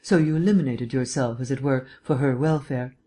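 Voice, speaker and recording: An audiobook reader voicing an urbane, erudite gentleman detective who lectures in a polished, lightly teasing way. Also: mid-range voice, fairly quick, close to an everyday voice. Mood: gently chiding. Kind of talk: audiobook reading.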